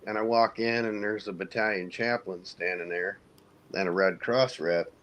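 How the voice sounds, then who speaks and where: A man in his forties from Indiana, a military veteran telling a long story in a relaxed, profane way to friends in a casual hangout. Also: fairly low pitch, moderate pace, muffled recording. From United States (Indiana). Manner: profane, laid-back storyteller who mimics others.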